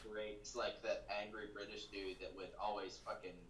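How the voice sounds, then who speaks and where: Relaxed guy with a lowish voice, off-mic in a roomy space with faint hiss. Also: normal speed, far from the mic. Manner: relaxed, swears casually. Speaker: podcast guest. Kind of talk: casual chat. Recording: echoey room, set back from mic, faint noise.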